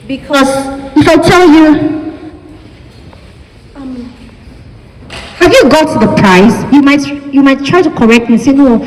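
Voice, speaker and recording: A woman with a Nigerian accent giving a classroom lecture, chatty and asking the class questions. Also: sits high. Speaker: university lecturer. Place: lecture hall. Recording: echoey hall with faint ambience.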